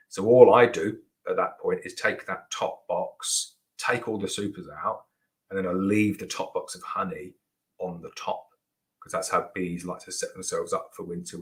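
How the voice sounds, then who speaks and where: A man's voice: deep voice, poor audio. A man hosting a casual live question-and-answer show, chatty and rambling with lots of restarts and fillers. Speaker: beekeeper host answering viewer questions.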